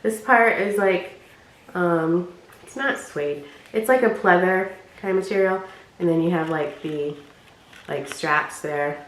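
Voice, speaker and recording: A woman chatting casually as she unboxes and reviews clothes, often dropping low and quiet on her asides. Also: slow pace. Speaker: vlogger. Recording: echoey room with faint noise.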